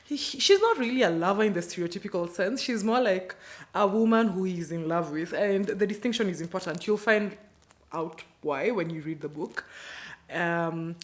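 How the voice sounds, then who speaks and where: A woman with a Kenyan accent and a low, animated voice talks at normal speed in a casual book wrap-up video. She covers this month's reading and tosses in playful slang as she goes.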